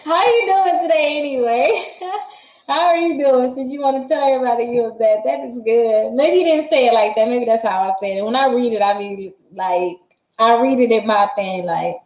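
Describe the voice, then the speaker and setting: A woman hosting a casual livestream, chatty and excitable, laughing often and talking straight to her viewers. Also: on the high side, moderate pace. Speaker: credit repair livestream host. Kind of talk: casual livestream chat reading viewer comments. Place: her office. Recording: roomy echo.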